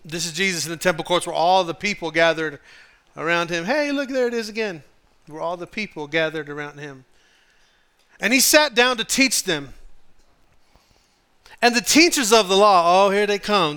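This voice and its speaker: Male pastor, high voice, lively joking sermon to a church crowd. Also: smooth. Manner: animated, humorous, conversational preaching. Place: church in front of a congregation.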